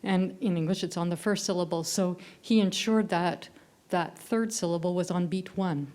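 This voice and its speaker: A woman, asking a panel question in a clear, explanatory way. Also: fairly low pitch, moderate pace, dark tone. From Canada. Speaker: audience member.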